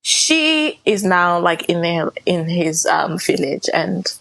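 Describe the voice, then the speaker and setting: A woman's voice: fairly low pitch, sing-song, slow pace, vocal fry, a bit bright. A young adult woman, a podcast guest, animatedly retelling a personal story and quoting others, with many filler words. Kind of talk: casual storytelling.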